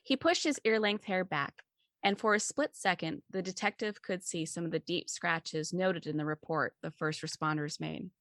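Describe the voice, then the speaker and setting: A woman reads a suspense story aloud in a steady, measured narration. Her voice sits on the low side, and the recording is dry and close with no room sound. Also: dry recording. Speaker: story reader. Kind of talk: scripted narration.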